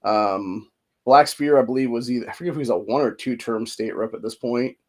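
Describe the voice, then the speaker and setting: Male host, furious political rant, foul-mouthed and heated, average pitch. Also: fairly quick, darkish tone. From Ohio. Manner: profane, ranting, heated. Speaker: podcast host. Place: studio.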